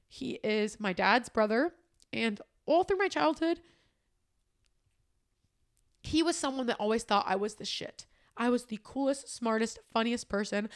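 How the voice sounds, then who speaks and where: A young woman in her twenties talks alone on her podcast into a microphone. Her voice sits a little high, and her speech is candid and emphatic, with plenty of swearing. She is close to tears at times. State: crying at times. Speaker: podcast host. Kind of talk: personal, emotional solo podcast talk.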